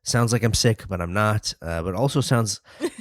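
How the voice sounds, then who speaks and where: A man's voice: fairly low pitch, animated, normal speed, a bit bright, dry recording, clean studio sound. A man hosting a podcast in casual chat, easygoing and self-deprecating, with a somewhat nasal voice. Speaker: podcast host.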